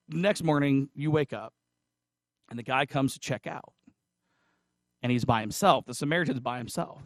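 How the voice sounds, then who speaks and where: A man preaching in a relaxed, conversational sermon. He jokes and drifts into asides to his listeners as he retells a parable. His voice sits a touch high and sounds close and dry. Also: dry recording. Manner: chatty and joking, asides to the congregation. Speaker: pastor.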